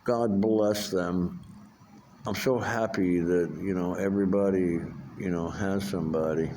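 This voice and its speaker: A man's voice: deep voice, steady tone, measured pace, background noise. Rambling, profane older man. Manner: profane, rambling, full of fillers and restarts. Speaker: vlogger. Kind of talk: rambling casual monologue.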